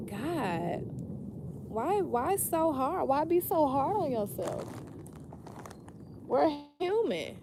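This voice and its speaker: Brief: woman tarot reader, unhurried delivery, frank and cussing, hammers points by repeating them, faint background hum. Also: on the high side, lively intonation. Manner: blunt, profane and emphatic, talking straight to the viewer; repeats phrases for emphasis. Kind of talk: casual weekly tarot reading.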